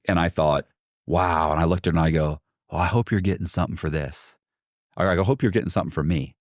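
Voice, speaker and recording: A man with a deep, low voice tells a long story as a podcast guest. He talks animatedly, slipping into the voices of the people he quotes, full of "like" and restarts. The sound is dry and close, with no room around it. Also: quick pace, no room sound.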